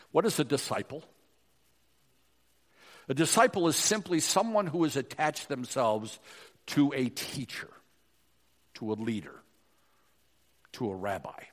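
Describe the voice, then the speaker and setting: Man preaching in an echoing hall. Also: medium pitch. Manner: emphatic, with dramatic rises and hushed drops. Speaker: pastor. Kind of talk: sermon. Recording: long reverb of a large hall.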